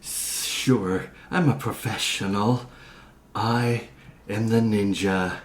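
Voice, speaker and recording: Man as a self-conscious bug celebrity, lowish slow voice, roomy room. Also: fairly even intonation. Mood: wry. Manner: wry, self-conscious, mildly anxious. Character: giant bug turned male internet celebrity. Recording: roomy echo.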